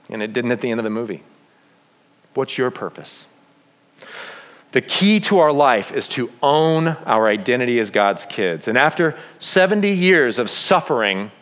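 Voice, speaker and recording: A man preaching a sermon as pastor, full of rhetorical questions. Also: medium pitch. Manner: animated, asks many rhetorical questions. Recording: long reverb of a large hall.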